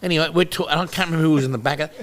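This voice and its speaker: This Australian co-host races through loose, rambling stories in a casual podcast chat, voice a little high. He curses a lot and acts out what everyone said.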